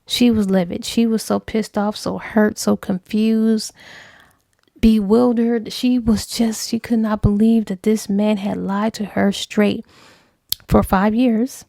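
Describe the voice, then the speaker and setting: A woman book reviewer casually retelling a novel's plot, animated and slipping into acted dialogue. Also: medium pitch, takes it slowly, gravelly, no echo, studio quality.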